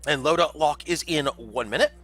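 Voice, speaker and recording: A man's voice: on the high side, normal speed, fairly bright tone, no room sound, soft background music. A man casting a community game tournament on a livestream, chatty and jokey, reading out chat messages. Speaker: tournament caster.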